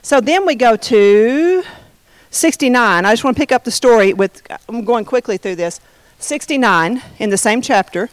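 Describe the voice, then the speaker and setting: A woman's voice: fairly high pitch, expressive, moderate pace, clean tone, no echo, low-quality recording. A woman leading an informal Bible study, chatty and jokey, often breaking off mid-sentence. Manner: chatty, self-interrupting, jokey asides.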